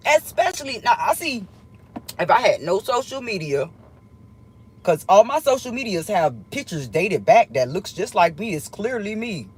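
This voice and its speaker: Woman vlogger with a husky voice, heated and emphatic, swears freely, mid-range pitch. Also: very animated, normal speed. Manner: heated, emphatic, repeats lines for effect. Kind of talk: casual storytelling to viewers.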